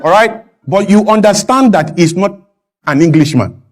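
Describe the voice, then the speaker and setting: A man, a guest speaking emphatically on a talk show and building to loud, animated peaks. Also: high-pitched, normal speed. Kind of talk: impassioned talk-show discussion.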